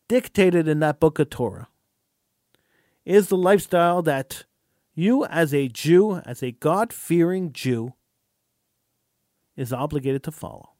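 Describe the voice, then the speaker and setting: A man's voice: on the high side, dark tone, no room sound, clean studio sound. A man hosting a talk radio show, delivering an impassioned commentary monologue and often repeating words as he starts a phrase.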